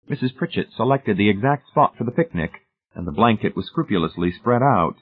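A man narrating a story aloud in a measured reading. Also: fairly low pitch, expressive, husky. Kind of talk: audiobook narration. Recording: tinny phone-like band.

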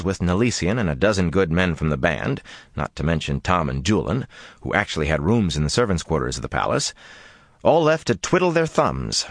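A man narrating a fantasy audiobook with expressive, dramatic delivery. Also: sits low, gravelly, no echo, clean studio sound.

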